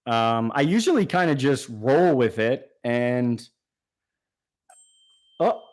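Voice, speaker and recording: A man's voice: mid-range voice, expressive, slow pace. A man hosting a casual live stream, reading out viewer comments and answering them enthusiastically off the cuff. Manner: enthusiastic, talks off the cuff with fillers and restarts. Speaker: aquarium channel host.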